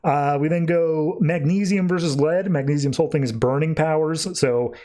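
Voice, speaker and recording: A man's voice: a little high, dark tone. A man hosting a podcast, recapping a comic book issue in a loose, casual way with many fillers. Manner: loose and chatty, many fillers, quick bursts. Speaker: podcast host.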